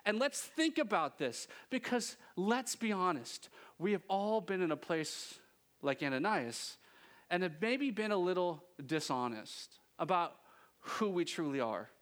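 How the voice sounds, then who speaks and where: A man preaching a sermon from a church stage, talking in a lively, joking, conversational way. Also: high voice, unhurried. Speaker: pastor.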